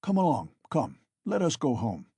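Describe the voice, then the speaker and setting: A man voicing a weary father who speaks quietly and soothingly to his son. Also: mid-range voice, expressive, moderate pace, breathy edge, dry recording, clean studio sound. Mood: resigned.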